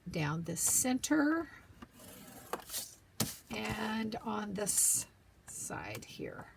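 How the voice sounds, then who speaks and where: A woman talks her way through a paper-craft tutorial at an unhurried crawl, her voice lively and bouncing in a fairly high register. She mutters and half-whispers to herself as she works and sounds a little hoarse. A clear background hiss sits under the recording. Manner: slow, chatty, talks to herself while working, drops to whispers. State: losing her voice, clearing throat.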